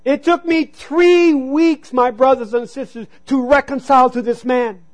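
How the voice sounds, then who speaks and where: A man with an extremely high, steady voice preaches a little slowly in a low-quality recording. He tells a personal story, calls out "Amen?" to the congregation for a response, and sometimes drops to a hush for emphasis.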